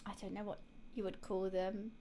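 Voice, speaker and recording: A woman's voice: medium pitch, little pitch movement, moderate pace, mellow. A young woman, streaming live and chatting casually to her viewers while she has the hiccups, rambling with lots of fillers and restarts.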